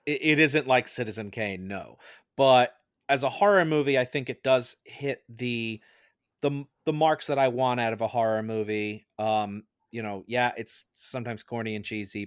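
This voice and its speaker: A man's voice: mid-range voice, clean tone, no echo, clean studio sound. A man on a podcast jury giving his verdict on a film in a chatty way, with lots of fillers. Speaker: podcast juror. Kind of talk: casual film discussion.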